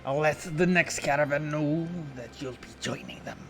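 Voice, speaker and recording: A man voicing a male dragonborn tavern keeper who talks in a gruff, matter-of-fact way, with music playing behind. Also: fairly high pitch, normal speed, lightly acted. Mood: businesslike.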